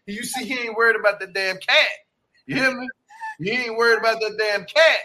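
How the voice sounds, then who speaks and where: A man's voice: extremely high pitch, fairly quick, bright, forceful tone. A man co-hosting a casual chat, slangy and joking, often breaking into laughs. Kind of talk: casual chat reacting to a reality show.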